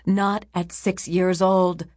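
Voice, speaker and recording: A woman's voice: lowish voice, animated, slow, vocal fry, a little mellow, husky, no room sound, exaggerated voice. A woman voicing a harsh, scornful old priestess in an audiobook. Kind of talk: audiobook character voice.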